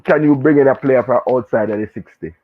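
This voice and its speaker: Jamaican man, football chat, animated patois banter, tinny phone-line sound. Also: mid-range voice, a little fast. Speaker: show guest and pundit.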